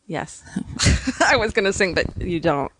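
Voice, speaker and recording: A woman's voice: lowish voice, expressive, normal speed, a bit bright, slightly rough, dry recording. Laughing, foul-mouthed young woman co-host. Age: young adult. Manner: laughs often, swears freely. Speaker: podcast co-host. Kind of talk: casual chat. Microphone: handheld mic.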